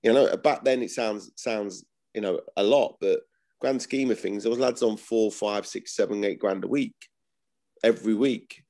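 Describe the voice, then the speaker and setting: Appearing as a guest in a casual interview, a former footballer talks bluntly, swearing and repeating himself. His voice is on the lower side and warm, at a normal speed.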